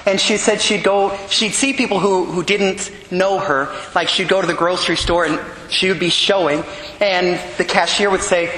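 A man with a slightly high voice tells a story in a measured, earnest sermon. His words carry a long reverb, as if spoken in a large church, with a faint hiss of background noise. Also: steady tone, pushed and bright. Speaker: preacher. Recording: echoey hall with long reverb.

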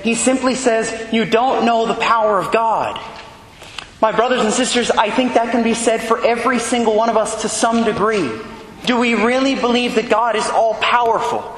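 A man's voice: very high-pitched, moderate pace, fairly bright tone, reverberant, in a large hall, poor audio. A man giving a homily as a priest, earnest and conversational, often checking in with "right?".

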